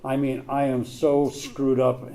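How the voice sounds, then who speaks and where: A man's voice: mid-range voice, completely flat delivery, slow pace, noisy background. An older man telling his own recovery story to a group, blunt and plain-spoken, with some mild swearing. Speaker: recovery meeting speaker.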